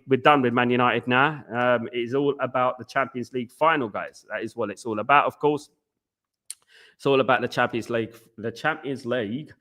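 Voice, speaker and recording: A man's voice: mid-range voice, pushed and bright. Rambling chatty man hosting a watchalong. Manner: chatty, rambling, repeats himself, keeps saying "guys". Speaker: watchalong host. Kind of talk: live football watchalong chat.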